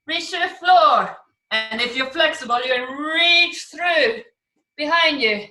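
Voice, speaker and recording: Leading kids through acrobatics on a video call from home, a woman speaks in a high, pushed, bright voice at a measured pace. She counts, calls out moves, and makes animal noises. The room echoes and she sits distant from the microphone.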